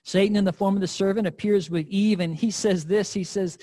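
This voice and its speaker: A man's voice: high-pitched, fairly even intonation, fairly quick, few pauses, mellow. A man preaching a sermon in an earnest, emphatic way, addressing his listeners directly.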